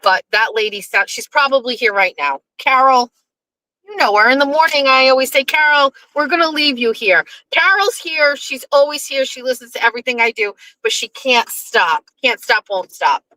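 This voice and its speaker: Bright, brash woman live streaming. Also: high-pitched, normal speed, no echo, low-quality recording. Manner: profane, rambling and animated. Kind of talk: casual live stream chat. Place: parked car in a driveway.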